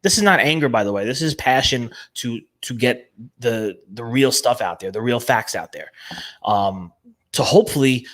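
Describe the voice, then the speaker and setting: A man's voice: medium pitch, expressive, moderate pace, fairly bright tone. A man with a New Jersey accent hosting a casual live show, talking with energy and emphasis and often repeating words. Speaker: show host.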